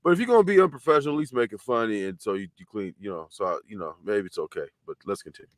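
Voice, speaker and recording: A man's voice: fairly low pitch, expressive, rapid-fire, no echo, clean studio sound. A male show host giving casual reaction commentary, laid-back and easygoing, often repeating himself.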